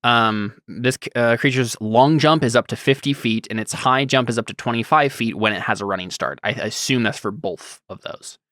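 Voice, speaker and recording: A man running a tabletop role-playing game as game master, talking casually with many fillers and quick laughs. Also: mid-range voice, a bit bright, no room sound, studio quality. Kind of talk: narrating a tabletop game over a stream.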